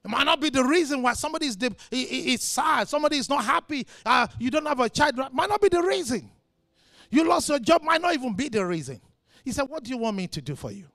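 High-voiced impassioned male preacher. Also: sing-song, fast, no room sound, clean studio sound. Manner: impassioned preaching, swings from shouting to quiet. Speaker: pastor. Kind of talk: sermon.

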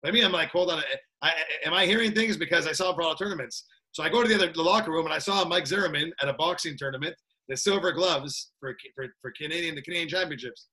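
A man chatting as a podcast guest in an easygoing, energetic way, laughing often and tagging his sentences with "that's it". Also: fairly high pitch, quick pace. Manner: energetic, laid-back, laughs a lot, repeats "that's it". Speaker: guest, combat sports trainer. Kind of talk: casual interview chat.

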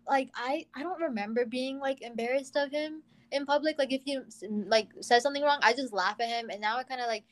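A woman's voice: high voice, a little fast, few pauses. A young woman chatting casually about growing up, filling her talk with "like". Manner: chatty, many fillers. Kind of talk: casual conversation.

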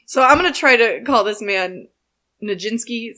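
Woman host, casual storyteller, relaxed and self-correcting on names. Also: fairly high pitch, normal speed. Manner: relaxed, stumbles over names. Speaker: podcast host presenting a history segment. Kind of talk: casual chat.

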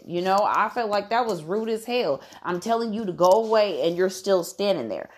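Blunt, animated woman telling a story. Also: medium pitch, normal speed, hardly any pauses. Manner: animated storytelling, frequent "you know", blunt and profane. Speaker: vlogger. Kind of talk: casual storytime vlog.

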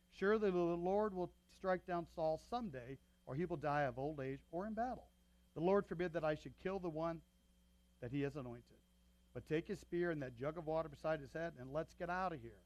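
A male pastor with a slightly raised pitch delivers a sermon in a relaxed, conversational way. He reads scripture aloud and punches the quoted speech with extra force. The sound is close and dry, with little room around it. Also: no echo. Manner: conversational, checks in with the congregation.

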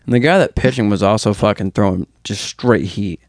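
A man's voice: lowish voice, fairly quick, no room sound, clean studio sound. A man in his twenties hosting a casual chat, telling rambling stories full of swearing. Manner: rambling, profane storytelling.

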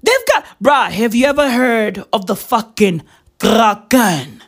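A young woman rants in a casual vlog monologue, swearing freely and leaning on slang. Her voice sits high, and she stretches her words out slowly and deliberately. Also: husky. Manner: profane, slangy, animated, drawn-out. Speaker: vlogger.

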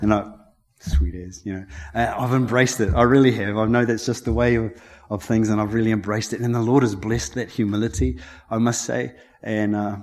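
A man's voice: medium pitch, a little mellow. A middle-aged man, sharing a personal testimony at church before his sermon, chatty and emotional, often laughing. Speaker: lay preacher.

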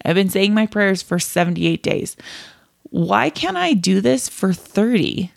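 An upbeat young woman chats through a casual motivational monologue. Her pitch sits in a middling range. She slips into brief acted-out asides as her inner voice. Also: very animated, measured pace, vocal fry. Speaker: podcast host.

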